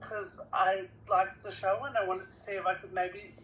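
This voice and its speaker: A woman's voice: mid-range voice, little pitch movement, moderate pace, fairly bright tone, slight background noise, low-quality recording. A woman from Australia with an Australian accent, a giggly and friendly caller on a live video chat.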